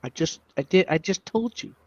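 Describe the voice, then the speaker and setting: A man's voice: sits high, expressive, normal speed, a little mellow, dry recording. A man in a casual livestream chat, rambling and hesitant, filling his talk with lots of "uh" and "like". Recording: dull lo-fi stream audio.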